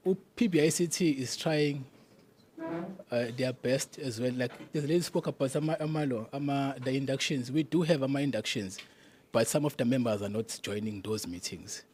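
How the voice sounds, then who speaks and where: A man's voice: medium pitch, darkish tone, slightly rough. A South African man from KwaZulu-Natal, a provincial secretary giving a conference address, chanting slogans and mixing Zulu words into his English.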